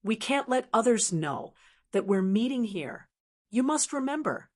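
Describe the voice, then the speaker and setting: Lady doing a panicky young noble mage guy, urgent and hurried, pitched up a bit. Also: lively intonation, darkish tone. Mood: anxious. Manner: anxious, urgent.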